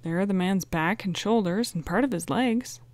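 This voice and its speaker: A woman reading aloud, voicing a level-headed teenage boy detective who speaks calmly and encouragingly. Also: mid-range voice, moderate pace, no room sound, close to an everyday voice. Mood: steady. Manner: calm and encouraging.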